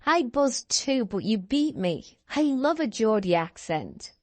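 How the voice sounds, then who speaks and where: Playful, lively woman quiz contestant. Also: on the high side, a little slow. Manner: playful, enthusiastic. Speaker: podcast co-host, quiz contestant. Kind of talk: casual chat.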